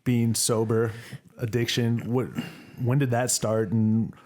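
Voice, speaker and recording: A man's voice: mid-range voice, flat delivery, slow, a little mellow. Male podcast host, mid-range voice, faint background noise. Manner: asks questions. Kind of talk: interview questions.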